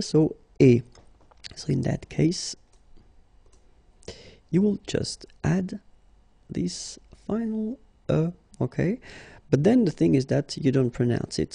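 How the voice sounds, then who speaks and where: French-accented man teaching a lesson, husky tone, dry close sound. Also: fairly high pitch, warm tone, dry recording. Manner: patient and explanatory, slow and deliberate. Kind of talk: language lesson.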